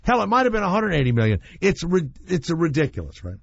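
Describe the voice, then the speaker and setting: A man's voice: on the high side, very animated, fast talker, creaky, slightly rough. A man hosting a radio show, talking in a casual, rambling storytelling way. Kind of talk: casual talk radio chat. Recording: muffled radio broadcast.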